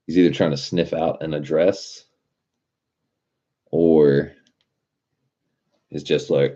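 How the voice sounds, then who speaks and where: A man's voice: rumbling low, steady tone, drawn-out words, pauses often, warm tone. A young man hosting a livestream, telling stories in a casual, profane, laid-back way. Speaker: livestream host. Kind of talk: casual rambling chat. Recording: dull lo-fi stream audio with music behind.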